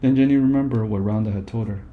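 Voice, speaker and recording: A man reading a children's book aloud in a calm, even way. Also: lowish voice, fast talker, narrow, tinny audio, a little hiss or hum. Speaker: storybook reader.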